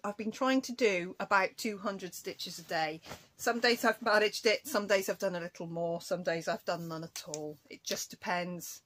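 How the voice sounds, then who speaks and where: A woman's voice: medium pitch, normal speed, a bit bright, a little hiss or hum. Chatty woman rambling about stitching. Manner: chatty, rambling, scolding her cat between asides. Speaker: cross-stitch vlogger. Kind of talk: casual chat to camera.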